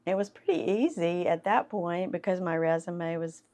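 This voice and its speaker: A woman's voice: fairly low pitch, animated, moderate pace, dark tone. A woman in her sixties with a light Southern accent, an actress telling chatty stories to an audience and laughing often. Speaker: actress and voiceover artist giving a talk. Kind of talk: storytelling talk to an audience.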